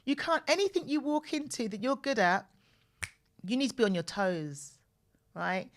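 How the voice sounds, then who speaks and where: A woman in her forties hosting a podcast, telling personal stories in an animated way and repeating phrases for emphasis, close to the mic. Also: a little high, normal speed. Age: 40s. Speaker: podcast host. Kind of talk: personal storytelling monologue. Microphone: mic close to the mouth.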